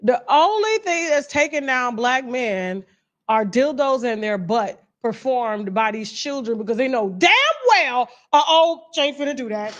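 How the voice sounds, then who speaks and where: High-voiced woman doing loud, mocking commentary. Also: measured pace, highs cut off. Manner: loud, animated and mocking, with laughs and emphatic repeats. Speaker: commentary host. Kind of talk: casual reaction commentary.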